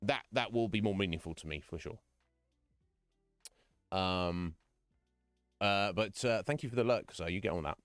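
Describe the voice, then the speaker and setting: A man's voice: low-pitched, normal speed, long pauses, fairly bright tone, dry recording, studio quality, soft background music. A man live-streaming from home, chatting casually with viewers in a frank, rambling way, often breaking into chuckles. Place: home room.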